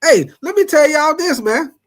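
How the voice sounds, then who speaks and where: A fairly high-pitched man hosts a live sports show, talking loosely to his chat. He swings between hyped-up bursts and low, drawn-out asides, repeats himself a lot, and laughs easily. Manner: animated, repetitive, laughs often, calls chatters by name. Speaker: sports talk livestream host. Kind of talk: casual live chat reading super chats.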